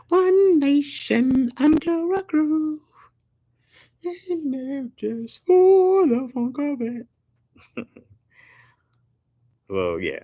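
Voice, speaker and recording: A man's voice: low voice, no echo, studio quality. A man hosting a casual live stream, talking loosely and jokingly with slang while reacting to viewer comments.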